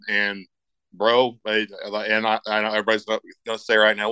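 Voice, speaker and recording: Bright-voiced, cussing middle-aged man. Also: on the low side, flat delivery, a little fast, clear, resonant tone, no echo, low-quality recording. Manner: heavy swearing, rambling and emphatic. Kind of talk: casual chat.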